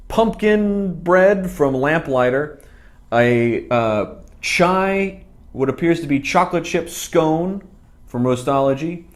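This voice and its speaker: Man, casual food-review vlogger, dry rambling humor, mid-range voice. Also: medium pitch.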